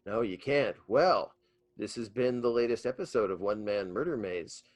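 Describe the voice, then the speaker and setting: A man co-hosting a podcast, playing his character in a tabletop role-playing game in an animated, jokey way. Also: lowish voice, moderate pace. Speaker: player and co-host.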